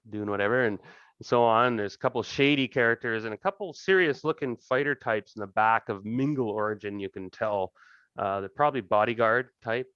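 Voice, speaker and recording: A man with a lowish voice narrates a tabletop session as game master, describing scenes and breaking in with fillers and chuckles. The recording is dry, with no room sound, and dull, like a cheap home mic. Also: smooth, no room sound.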